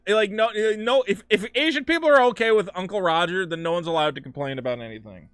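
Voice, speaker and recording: A man's voice: high-pitched, very animated, quick pace, hardly any pauses, bright, forceful tone, clean tone, no room sound, studio quality, faint music behind. A man giving casual, rambling gameplay commentary, crude and joking, swearing freely. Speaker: gaming streamer.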